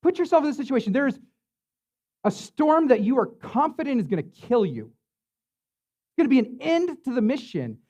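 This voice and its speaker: A man with a high voice preaches a sermon as the church's pastor. He talks in a relaxed, chatty way, leaning on fillers and asking his listeners "right?" along the way. The sermon recording is muffled and lo-fi. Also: normal speed, pauses often. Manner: conversational, filler-heavy preaching with tag questions.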